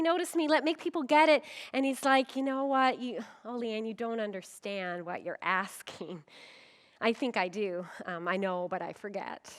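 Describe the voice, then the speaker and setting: A middle-aged woman pastor giving a conference sermon, telling stories with humor and acting out quoted voices. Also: medium pitch. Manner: humorous, with frequent laughs.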